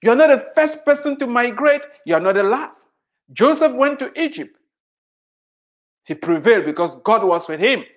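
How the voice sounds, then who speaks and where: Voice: mid-range voice, animated, normal speed. A preacher delivering a sermon emphatically, repeating phrases for weight and putting rhetorical questions to the listeners.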